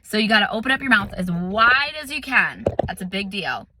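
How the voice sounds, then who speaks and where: A woman meditation teacher in a casual vlog, chatty and animated, telling a story with lots of "like" and "um". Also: medium pitch, a little fast, background noise.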